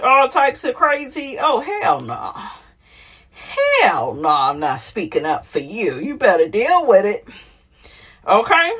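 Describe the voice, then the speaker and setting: With a fairly low, husky voice, a woman hosts casual celebrity gossip commentary. She's sassy and animated, laughing often and calling her viewers honey.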